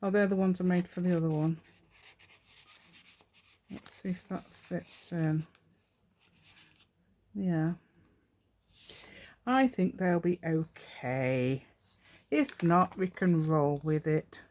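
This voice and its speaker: A woman hosts a relaxed craft tutorial, talking to herself as she works. Her voice sits a little low, and she speaks at an unhurried pace. She rambles chattily from step to step. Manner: chatty, rambling, talks to herself while working. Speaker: craft channel host. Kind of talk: casual craft tutorial, thinking aloud.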